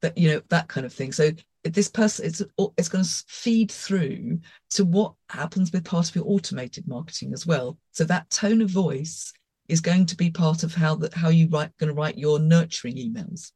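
A woman co-hosting a podcast, talking in a brisk, emphatic way in casual chat. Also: sits low, lively intonation, warm tone, slightly rough, dry recording. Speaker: podcast co-host.

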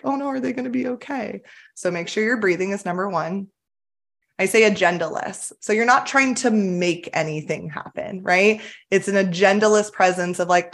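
Guesting on a relaxed podcast interview, a woman who works as a somatic attachment therapist describes how she works. Her mid-range voice is a bit bright, and she comes across as earnest, upbeat and enthusiastic, like a coach.

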